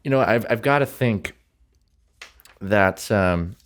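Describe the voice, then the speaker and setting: Man, podcast co-host, lowish voice, casual faith discussion, hesitant, filler-heavy. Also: lively intonation, slow pace.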